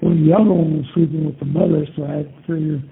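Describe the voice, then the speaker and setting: A man's voice: fairly high pitch, fairly even intonation, fast, creaky, slight background noise. An older man talking in a casual, meandering way, rambling through memories and leaning on "you know" and curse words. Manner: meandering, peppers talk with "you know" and cursing. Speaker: interviewee. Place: prison, over a phone call. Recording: tinny phone line.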